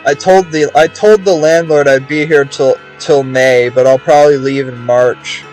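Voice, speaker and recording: A man's voice: mid-range voice, steady tone, normal speed, darkish tone, faint music behind, low-quality recording. A young man streaming a game, chatting casually in a rambling, profane way with many restarts. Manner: rambling, profane, repeats words.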